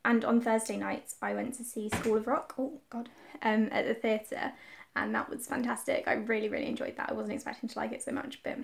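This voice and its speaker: Chatty young woman with vocal fry. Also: fairly high pitch, steady tone, brisk. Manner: chatty, lots of fillers and asides. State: slightly out of breath after the gym. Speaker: book vlogger. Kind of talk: casual reading vlog chat.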